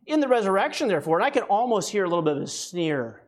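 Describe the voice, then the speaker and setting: A man's voice: high-pitched, sing-song, fast. A man from the United States preaching a conversational sermon as a guest, often checking in with the congregation, a bit winded. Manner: conversational, keeps asking "right?".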